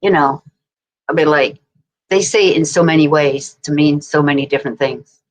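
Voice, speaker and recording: A woman from England with an English accent talks casually on a livestream. Her voice sits fairly low, and she rambles along with frequent laughter. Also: moderate pace. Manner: chatty and rambling, laughing often.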